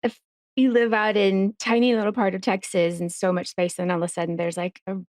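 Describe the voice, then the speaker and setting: A woman co-hosting a podcast, chiming in with quick casual reactions and comments. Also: medium pitch, little pitch movement, a little mellow, no room sound, studio quality. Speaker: podcast co-host.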